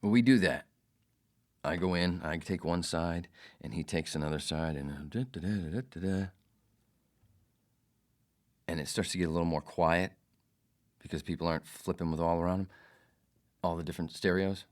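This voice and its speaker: A man's voice: deep voice, moderate pace, pauses often, a little mellow. A man hosting his own podcast, telling a rambling, profane, jokey story in a casual monologue. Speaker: podcast host.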